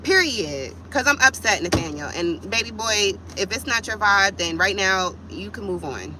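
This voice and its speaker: A woman's voice: medium pitch, expressive, moderate pace, background noise. Fired-up woman venting on a livestream. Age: adult with kids. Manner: blunt, profane, fired up, talks straight to viewers. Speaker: vlogger on a livestream. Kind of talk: heated livestream vent.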